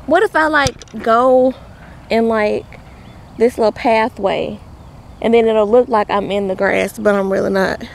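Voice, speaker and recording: A woman's voice: fairly high pitch, a little slow, vocal fry, a little hiss or hum. A pregnant woman chatting playfully in a casual family vlog, filmed on a handheld camera. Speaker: vlogger.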